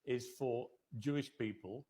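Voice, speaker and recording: A man's voice: medium pitch, measured pace, warm tone. A man interviewing a guest, challenging him and cutting in to push back.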